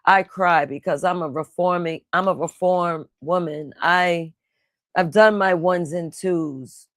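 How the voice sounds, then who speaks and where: A young woman co-hosting a casual stream, teasing and animated, quick with slang. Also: lowish voice, no room sound, studio quality. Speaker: stream co-host. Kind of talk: casual banter.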